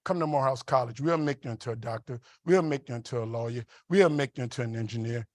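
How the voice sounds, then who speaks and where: A man voicing a kindly older college recruiter who speaks low and reassuringly to a young student. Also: fast talker, no echo, lightly acted. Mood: fatherly.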